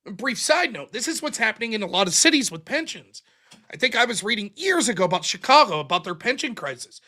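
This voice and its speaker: Guy in his 40s ranting on his call-in show, high bright voice, swears a lot. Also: fast talker. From United States. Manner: blunt, profane, animated with acted-out quotes. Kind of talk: casual political monologue.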